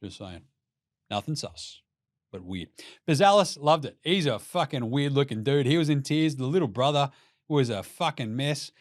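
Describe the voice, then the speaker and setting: A man's voice: medium pitch, animated, normal speed, dry recording, studio quality. A young Australian man gives brash, profane and jokey casual commentary as a basketball show host.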